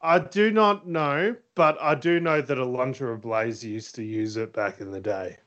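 A man's voice: mid-range voice, measured pace. Aussie guy gushing about wrestling, laughs a lot, kinda dull lo-fi sound. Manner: excitable, laughs often. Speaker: podcast co-host. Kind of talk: casual wrestling podcast chat.

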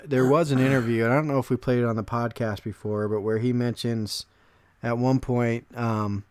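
A man hosting a casual podcast chat, reading interview quotes aloud in a self-described monotone voice. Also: medium pitch, dry recording. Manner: reads quotes aloud, calls his own voice monotone. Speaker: podcast host.

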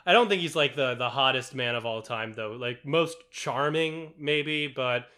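Young guy rambling bout a movie, bright voice, swears a lot, um like uh everywhere. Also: medium pitch, a little slow. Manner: rambling, swears freely, many fillers. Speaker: podcast co-host. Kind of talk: casual movie chat.

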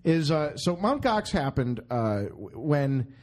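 Animated joking man hosting a podcast. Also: a little high, takes it slowly. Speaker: podcast host. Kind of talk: casual podcast banter.

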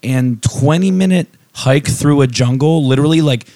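A man's voice: fairly high pitch, moderate pace, dry recording. A man co-hosting a podcast, telling a travel story in casual chat with lots of swearing and restarts. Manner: animated storyteller who swears a lot. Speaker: podcast co-host.

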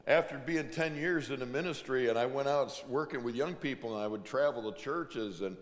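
A middle-aged man preaching from the pulpit in a relaxed, storytelling way, slipping into the voices of the people in his stories. His voice sits at an ordinary male pitch, and a long reverb trails each phrase through the church. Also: brisk. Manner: conversational storytelling, acts out quoted voices. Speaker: pastor. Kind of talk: sermon.

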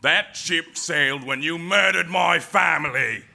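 A man playing an earnest young hero seeking revenge in improv comedy, stammering and deadpan. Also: fairly high pitch, measured pace, vocal fry, heavily acted.

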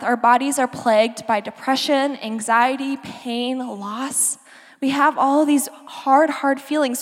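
A young woman preaching to a youth group in a bubbly, chatty way, talking straight to the kids. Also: sits high. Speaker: youth pastor. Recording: long hall reverb.

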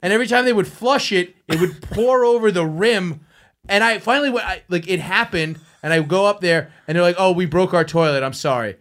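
A man telling a story in casual chat, animated and profane, acting out what people said. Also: high-pitched, fairly quick. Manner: animated, profane, acts out quotes.

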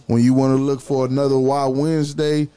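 A man co-hosting a casual podcast, bantering with animated, profane energy. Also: medium pitch, a little fast, crowd noise. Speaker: podcast co-host. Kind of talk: casual chat.

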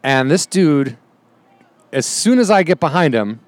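A man's voice: fairly high pitch, very animated, measured pace, no room sound. A man who is a stand-up comedian, telling rambling anecdotes in a casual chat and acting out the quotes.

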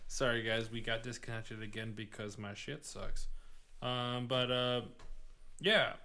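A man's voice: mid-range voice, steady tone, measured pace, pushed and bright. A young man hosting a casual chat, laughing at himself and swearing freely. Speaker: host.

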